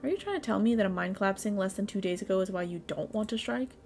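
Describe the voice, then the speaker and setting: Woman doing a cynical, foul-mouthed miner pushing a strike, low-key gravelly read. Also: fast, a little mellow, slight background noise, natural voice. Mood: defiant. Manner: cynical, blunt, swearing. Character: bitter adult male miner stirring up a strike.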